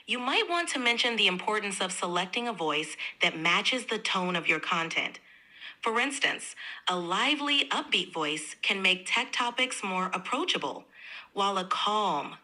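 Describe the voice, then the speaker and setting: This is a synthetic woman's voice from an AI assistant, very bright and crisp in tone. She talks in a polite, upbeat way and is always eager to help. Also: medium pitch, poor audio.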